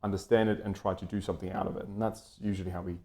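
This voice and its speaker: Low, mellow male voice, British-raised, rambling lecture delivery with ums and restarts. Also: level tone, racing. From Britain. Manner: wordy, lots of fillers and restarts. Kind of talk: unscripted lecture-style commentary.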